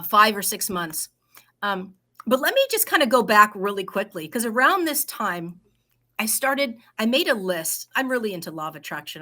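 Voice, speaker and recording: Bright, animated woman telling a story. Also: mid-range voice. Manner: animated storyteller acting out quotes. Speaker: guest entrepreneur. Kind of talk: casual storytelling interview.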